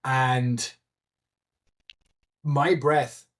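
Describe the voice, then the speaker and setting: A man telling a story in a casual podcast chat, animated and laughing, with many fillers and restarts. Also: mid-range voice, extremely slow. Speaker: guest, event admin.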